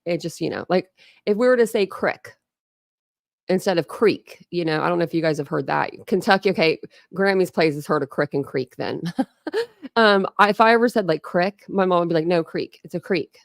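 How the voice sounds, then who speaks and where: A woman's voice: lowish voice, animated, fast, gravelly, dry recording, studio quality. A woman from Ohio hosting a casual live stream, chatting loosely with viewers, rambling with many fillers and laughing often. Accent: Ohio with Philadelphia family influence. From Ohio, USA. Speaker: host of a live stream commentary channel.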